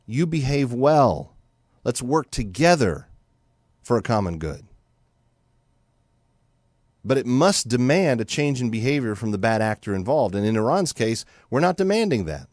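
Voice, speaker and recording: A man's voice: mid-range voice, normal speed, pauses often, dry recording, studio quality. An American man hosting a talk radio show, speaking animatedly and sometimes mocking in a monologue. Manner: animated, mocking, acts out other voices. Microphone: studio microphone.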